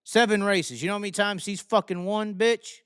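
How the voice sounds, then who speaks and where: A man with a Southern US accent launches into a heated, profanity-laced rant about racing drivers. His voice sits a touch high and comes across smooth and clean. The sound is dry and close, with no room around it. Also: fairly even intonation, a little fast, a bit bright, dry recording. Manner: heated, blunt, heavy swearing. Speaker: racing commentator.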